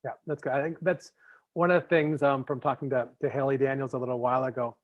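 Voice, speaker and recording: A man's voice: mid-range voice, level tone, fast. Rambling man hosting a podcast. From Canada. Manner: rambling, lots of fillers and restarts. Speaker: podcast host. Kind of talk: casual interview chat. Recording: slightly muffled lo-fi audio.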